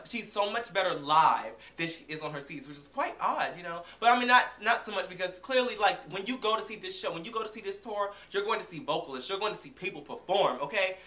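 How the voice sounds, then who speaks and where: A young man telling a casual, animated story as a vlogger, acting out the dialogue himself and sounding like he is getting over an illness. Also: high voice, roomy sound. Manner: animated, chatty, acts out dialogue. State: recovering from illness. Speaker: vlogger reviewing a concert.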